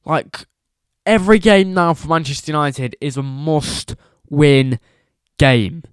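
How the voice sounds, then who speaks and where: Smooth-voiced man ranting about football. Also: fairly high pitch, takes it slowly, no echo, clean studio sound. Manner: emphatic, repetitive, rhetorical questions. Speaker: football vlogger. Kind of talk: casual football opinion rant.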